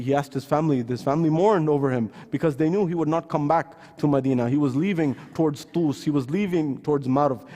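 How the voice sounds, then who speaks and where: In a reverberant mosque hall, a man speaking at a gathering delivers an earnest sermon woven with storytelling. His voice is mellow, and he acts out quoted voices by raising his pitch.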